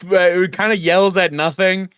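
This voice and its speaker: Male co-host with a high voice, dry mic, short halting lines. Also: steady tone, fairly bright tone, clean tone, no room sound. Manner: brief interjections, halting questions. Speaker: podcast co-host. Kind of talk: casual podcast chat.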